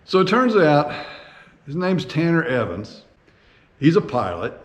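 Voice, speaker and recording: A man hosting his own flying vlog, telling a travel story in a casual, animated way with plenty of fillers and restarts. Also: on the high side, measured pace. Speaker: vlog host and private pilot.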